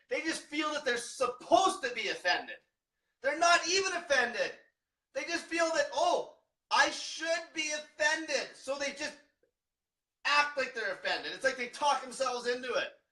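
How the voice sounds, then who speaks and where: A man's voice: extremely high pitch, bright, forceful tone, far from the mic. A man in a profane livestream rant as a diet coach, brash and combative, swearing constantly. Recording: echoey room, away from mic.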